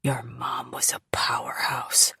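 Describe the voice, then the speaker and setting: A woman reading the part of a frail, sick middle-aged woman who tells her story in a weak, halting, tearful way. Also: low voice, vocal fry, slightly rough, no room sound, clean studio sound, heavily acted. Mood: grieving. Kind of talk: audiobook character voice.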